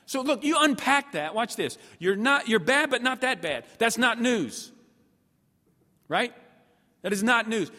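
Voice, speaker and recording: A man preaching a sermon at a seminary, animated and emphatic, acting out his listeners' thoughts and swinging between loud and quiet. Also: sits high, normal speed, pauses often. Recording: long hall reverb.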